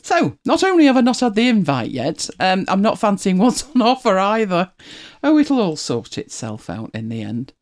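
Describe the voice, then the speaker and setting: Lively, chatty host. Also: mid-range voice, normal speed, few pauses. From United Kingdom. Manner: chatty, rambling, self-correcting, laughs often. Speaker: livestream host. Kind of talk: casual chat to viewers.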